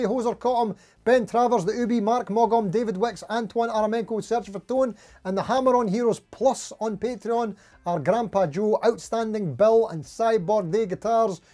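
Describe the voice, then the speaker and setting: A man's voice: extremely high pitch, darkish tone. A man hosting a casual live stream, rambling and laughing at himself as he reads out supporter names.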